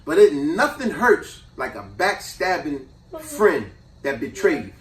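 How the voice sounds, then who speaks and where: A man hosting a casual chat, telling a childhood story in an animated, slangy way. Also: a little high, measured pace. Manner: animated, slangy, acts out voices. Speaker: host. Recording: roomy echo, distant mic.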